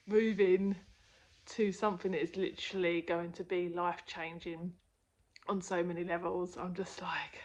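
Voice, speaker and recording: A woman's voice: lowish voice, level tone, a little slow, a little mellow, no room sound, muffled recording. A woman vlogging in a chatty, effusive way, thinking aloud and often dropping to a near-whisper. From Peckham, London. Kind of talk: casual vlog talk to camera.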